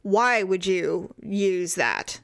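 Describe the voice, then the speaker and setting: A woman's voice: mid-range voice, extremely slow, creaky, dry recording, studio quality. A woman co-hosting a casual chat, trading bawdy jokes and banter. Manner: bawdy, joking banter with frequent laughter.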